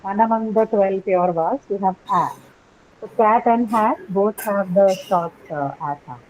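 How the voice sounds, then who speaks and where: A woman's voice: medium pitch, moderate pace, darkish tone, slight background noise. A woman teaching English pronunciation in a live class, patiently spelling words letter by letter and repeating them. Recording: slightly muffled recording.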